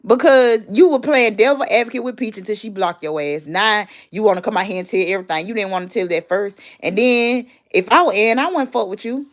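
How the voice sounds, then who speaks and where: A woman's voice: medium pitch, brisk, hardly any pauses. A woman, casually ranting and gossiping on a livestream, blunt and profane. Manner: blunt, profane, loudly animated.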